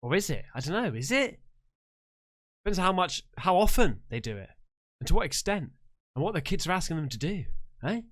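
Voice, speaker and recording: A man comments on a story as he listens, excitable and foul-mouthed, full of chatty asides. His voice sits high and bright. It swings up and down a lot. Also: brisk, pauses often. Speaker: YouTube reactor. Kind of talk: casual reaction commentary.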